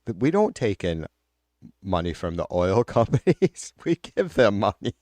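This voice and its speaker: A man's voice: on the low side, big pitch swings, measured pace, darkish tone, no echo, studio quality. A man hosting a live stream, reading viewer comments and ranting bluntly about politics with a lot of swearing. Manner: blunt, heated, swears often. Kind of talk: casual profane political rant.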